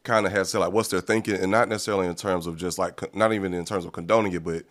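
A man with a very low voice co-hosts a podcast. He rambles through his thoughts in casual chat, hedging and circling back with swearing along the way. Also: fairly even intonation, very fast, fairly bright tone. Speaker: podcast co-host.

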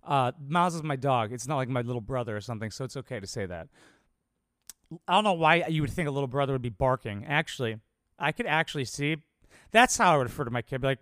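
Rambling, cursing young comedian. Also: male voice, medium pitch, lively intonation, quick pace, fairly bright tone, dry recording, clean studio sound. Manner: rambling, profane, laid-back. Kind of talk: casual solo monologue.

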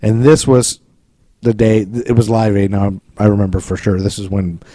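An American man co-hosts a podcast, rambling and joking his way through the chat. His voice sits mellow and dark, recorded close and dry with no room sound. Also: lowish voice, little pitch movement, moderate pace, dry recording. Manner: joking, rambling, breaks into goofy accents and singing. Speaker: podcast co-host. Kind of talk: casual chat.

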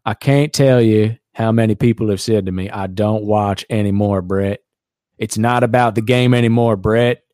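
Male podcaster putting on a slow, drawling Southern ex-quarterback, mocking. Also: on the low side, steady tone, warm tone, no echo, studio quality, natural voice. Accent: American Southern, put on. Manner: slow, drawn-out mock drawl. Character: Southern-drawling retired male football star.

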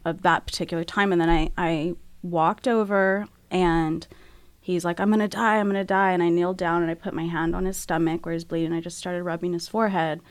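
A woman speaks as a guest, candidly recounting something painful. Her delivery is frank and halting, and she is close to tears. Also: fairly low pitch, clear, resonant tone. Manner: frank, halting, emotional retelling. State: tearful. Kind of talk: candid personal storytelling.

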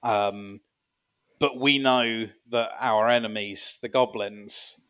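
A man playing a deadpan rambling dwarf. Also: fairly low pitch, slow pace, smooth. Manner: rambling, deadpan, hesitant with many ums. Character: dwarf man running an underground fortress. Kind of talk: comic in-character bit on a podcast.

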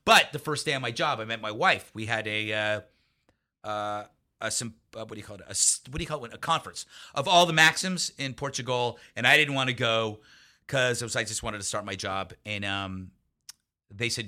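A man's voice: medium pitch, normal speed, sharp tone. A man as a guest in a casual interview, telling anecdotes in a rambling way with many restarts and asides.

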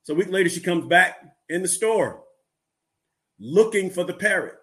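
A man co-hosting a podcast with a fairly high voice. He tells jokes in a relaxed, storytelling way and lets the punchlines hang. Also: moderate pace. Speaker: podcast co-host. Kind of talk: casual joke-telling.

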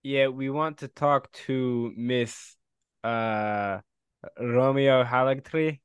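A man's voice: mid-range voice, drawn-out words, smooth, no echo, dull audio. A man playing a tabletop game, joking in character and sounding a bit sheepish about his own choices. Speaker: player. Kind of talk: casual tabletop game chat.

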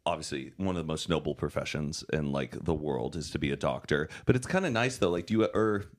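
A young man hosting a casual chat, animated and giggly. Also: rumbling low, a little fast. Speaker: host.

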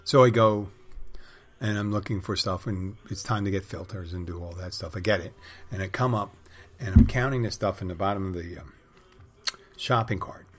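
A man's voice: low voice, moderate pace, heavy background noise. A middle-aged man hosting a podcast, telling wry, crude, rambling stories in a casual monologue. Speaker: podcast host.

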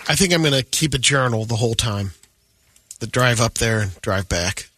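A man's voice: medium pitch, expressive, moderate pace, bright, forceful tone, no room sound, a faint crowd. A man co-hosting a morning radio show, reading news and fun facts in an upbeat way. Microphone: studio microphone.

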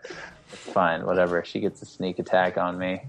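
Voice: deep voice, level tone, moderate pace, gravelly, slight background noise. A player in a tabletop game, speaking dry and easygoing. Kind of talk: casual tabletop play.

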